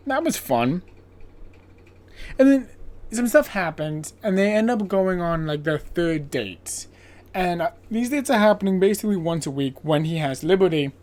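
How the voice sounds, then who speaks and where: A podcast host with a mid-range, somewhat dark voice rambles casually through the plot of an old film, using lots of filler words. He's playfully sarcastic and laughs at his own jokes.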